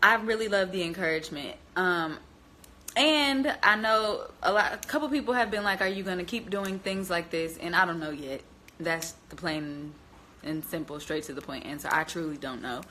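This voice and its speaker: A young woman with a bright, forward voice talks straight into her phone on a live stream. She tells a story to her viewers in a lively, chatty way and laughs often, calling them y'all. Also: on the low side, normal speed, slight background noise. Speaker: vlogger hosting a journaling live stream.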